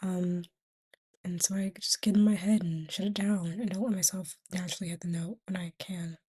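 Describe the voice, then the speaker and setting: A woman's voice: lowish voice, fairly even intonation, brisk, dark tone, breathy edge. A tired young woman vlogging in a casual, rambling way, often dropping to a whisper between fillers. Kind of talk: casual confessional chat.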